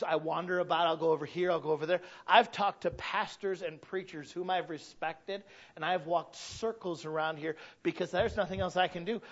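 A man in his thirties, a pastor, delivering an impassioned sermon that swings from hushed to loud, repeating key phrases. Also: on the high side. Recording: dull lo-fi recording.

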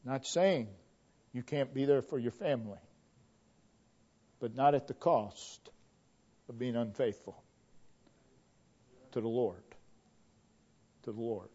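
A man preaching a sermon, slow and emphatic, repeating a refrain and swinging between loud declarations and hushed tones. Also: mid-range voice. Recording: dull lo-fi recording.

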